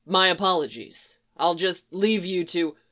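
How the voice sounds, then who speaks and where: A woman voicing a calm, polite male vigilante in a lowered, quiet, measured voice.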